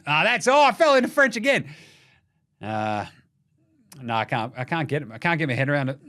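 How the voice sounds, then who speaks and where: A man's voice: on the high side, sing-song, fairly quick, pauses often, pushed and bright. A man from Australia hosting a casual sports podcast, rowdy and sweary, cracking jokes and slipping into silly voices. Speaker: podcast host.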